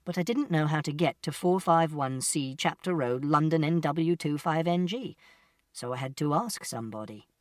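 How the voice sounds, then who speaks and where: A man's voice: on the high side, moderate pace, clear, resonant tone, no echo. A man reading a novel aloud in the first person, giving a plain, literal, step-by-step telling. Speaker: audiobook narrator. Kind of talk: first-person audiobook narration. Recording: distant mic, dry sound.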